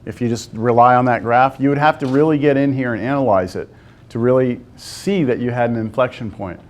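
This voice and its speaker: A man teaching a calculus lesson to a class. He talks through a graph step by step and keeps pausing to ask the students whether they see it. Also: medium pitch, a little mellow. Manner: talks to the class, asks lots of check-in questions. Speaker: math teacher.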